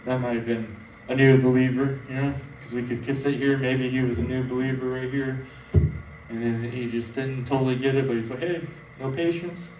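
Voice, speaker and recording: A man's voice: mid-range voice, flat delivery, normal speed, darkish tone, slight background noise. A man preaching an informal sermon, rambling and conversational with many fillers and restarts. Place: church hall. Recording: echoey room, voice from far off.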